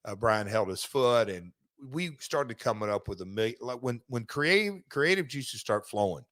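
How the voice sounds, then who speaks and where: A middle-aged man hosting a podcast, chatting casually and telling stories about his past in a relaxed, rambling way. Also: mid-range voice, normal speed. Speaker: podcast host, former wrestler. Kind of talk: casual chat and read sponsor ad.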